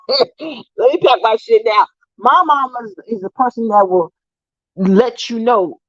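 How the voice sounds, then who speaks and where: A young adult woman casually telling stories to her viewers in an animated, profane, laughing way. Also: a little slow, pauses often, no room sound. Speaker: vlogger. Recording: dull, dry low-fi sound.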